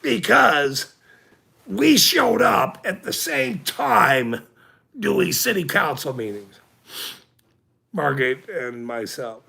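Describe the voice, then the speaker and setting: A man's voice: a little high, big pitch swings, takes it slowly, creaky, pauses often, bright, forceful tone, husky. A middle-aged man hosting a livestream, ranting at his chat in a profane, combative way with frequent laughs. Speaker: livestream host.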